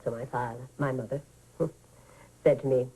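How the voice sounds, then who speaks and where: An elderly woman telling children an old family story. Her voice is low, dark and husky. She lingers on the story with sighs and feeling. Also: steady tone, moderate pace, exaggerated voice, poor audio. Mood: warm reminiscing. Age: older. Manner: fond, vivid storytelling with sighs. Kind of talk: 1980s radio drama.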